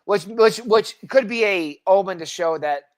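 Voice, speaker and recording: A woman co-hosting a casual sports podcast, talking quickly with stumbles and repeated words. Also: medium pitch, darkish tone. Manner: rapid list-reading with stumbles and repeats. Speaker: podcast co-host.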